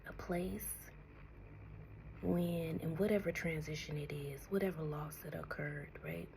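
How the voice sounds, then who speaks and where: A tarot reader gives a spiritual message, speaking slowly and soothingly, often sinking into a breathy whisper and calling the listener honey, sounding emotional and near tears. Her voice is low-pitched and darkish with fairly even intonation, over a little hiss or hum.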